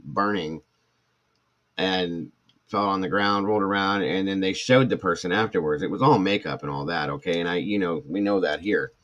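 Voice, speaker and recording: Deep-voiced with a fairly bright tone, this middle-aged man comes through on lo-fi audio. Once a firefighter and paramedic, he chats casually and candidly with viewers, wandering off into asides and restarting sentences.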